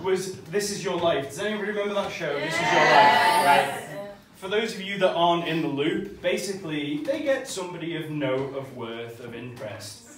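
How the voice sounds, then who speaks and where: Captured from a distance in an echoey, noisy live venue, this comedian has a voice on the high side and a moderate pace. He works a small club with a sweary, conversational set, bantering with the crowd as the audience laughs.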